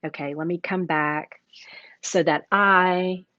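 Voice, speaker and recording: A woman's voice: fairly low pitch, fairly even intonation, slow pace, no echo. A woman hosting a casual live cooking demo, chatty and enthusiastic, sometimes talking with her mouth full while tasting. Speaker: cooking show host. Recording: dull lo-fi livestream audio.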